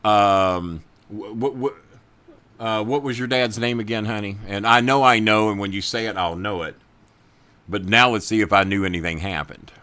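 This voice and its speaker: A man's voice: lowish voice, moderate pace. A middle-aged man hosting a podcast, ranting with heavy profanity and chatting with viewers. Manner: angry, profane, loud, talks to chat viewers. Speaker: podcast host. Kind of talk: profane political rant and casual chat.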